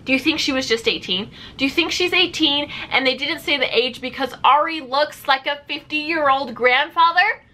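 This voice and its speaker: A young woman giving animated, sarcastic reaction commentary as a vlogger. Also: sits high, normal speed, few pauses. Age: young adult.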